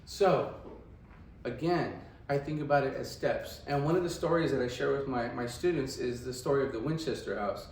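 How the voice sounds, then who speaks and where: A man's voice: medium pitch, moderate pace, darkish tone, roomy sound, far from the mic, a little hiss or hum, low-quality recording. A man teaching radiography in a casual lecture style, often checking in with "right?". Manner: chatty, asks "right?" often. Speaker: radiography instructor.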